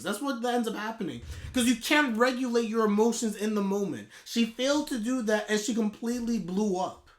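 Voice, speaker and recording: A man ranting in a live anime reaction, heated and exasperated, with sudden loud outbursts. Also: sits high.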